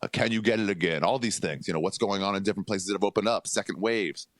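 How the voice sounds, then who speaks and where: A man, a guest comedian, chatting casually on a podcast and telling animated stories, swearing freely. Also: on the low side, fast talker, no echo.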